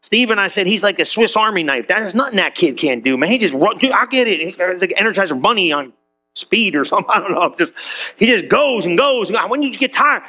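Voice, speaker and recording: A man's voice: sits high, lively intonation, a little fast, bright, forceful tone. A man preaching a sermon as pastor, talking casually to his congregation and acting out quotes in different voices.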